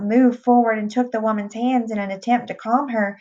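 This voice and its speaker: A woman reading a novel aloud in a plain, unhurried way, with small restarts. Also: fairly high pitch, steady tone, mellow. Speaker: reader. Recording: dull lo-fi recording.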